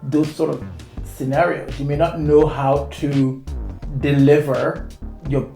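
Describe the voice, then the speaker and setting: A woman's voice: sits low, little pitch movement, slow pace, creaky, dark tone. Chatty woman podcast co-host, roomy sound. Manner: chatty, rambling with many restarts. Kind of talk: casual chat. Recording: roomy sound with faint music.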